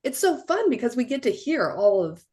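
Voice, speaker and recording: A woman's voice: a little high, very animated, brisk, warm tone. Chatty, enthusiastic woman guest. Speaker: guest, consultant. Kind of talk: casual live-stream interview.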